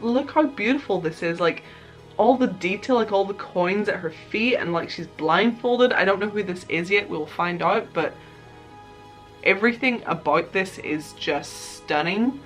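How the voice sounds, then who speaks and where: A young woman talks through an unboxing in a casual, chatty way, full of fillers and little restarts. She keeps gushing over each item she finds. Faint music plays softly behind her voice. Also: medium pitch, measured pace. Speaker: vlogger.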